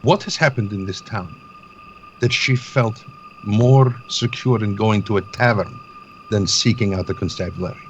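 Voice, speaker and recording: A man's voice: fairly low pitch, moderate pace, a little hiss or hum. Sarcastic male player, dull lo-fi sound. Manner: sarcastic, agitated ranting. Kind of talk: in-character role-play.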